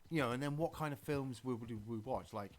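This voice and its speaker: Male streamer, mid-pitched, chatty, rambling commentary over a game. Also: a little fast, slight background noise. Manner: rambling and chatty, with many fillers and restarts. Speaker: streamer and podcast host. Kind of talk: casual gameplay commentary.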